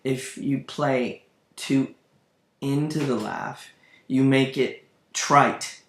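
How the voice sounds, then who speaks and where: Male literature teacher, slow and musing, roomy room with faint hum. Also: medium pitch, a bit bright. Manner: thoughtful, musing, with emphatic bursts. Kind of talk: lecture on a play.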